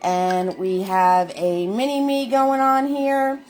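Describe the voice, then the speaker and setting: A woman's voice: a little high, completely flat delivery, takes it slowly, a little mellow, soft background music. A chatty, upbeat woman hosting a live online painting class who calls her viewers sweetheart. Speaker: paint party host.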